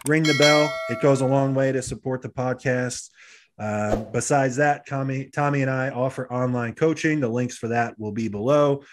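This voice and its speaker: A man's voice: mid-range voice, fairly even intonation, normal speed, noisy background. A man hosting a casual podcast, upbeat and friendly, asking long questions with frequent restarts. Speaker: podcast host.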